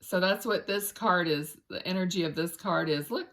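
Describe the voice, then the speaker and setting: In a lowish voice at a moderate pace, a psychic medium rambles casually through a tarot reading. She often pauses to find words and begins again, murmuring gently to spirit between cards.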